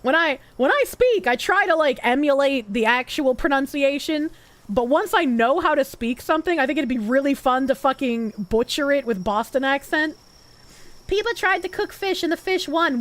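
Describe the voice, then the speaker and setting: A young woman streams live, reading viewer gifts aloud and chatting loosely. Her voice sits high and swoops all over the place, jumping from loud squeals to low grumbles. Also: animated, normal speed, no echo. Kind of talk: casual live-stream chat reading donations.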